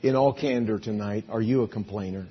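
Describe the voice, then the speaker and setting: Male preacher, folksy storytelling sermon, husky, dull lo-fi recording. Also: on the low side, fairly quick. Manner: folksy storytelling, acting out characters. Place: church auditorium.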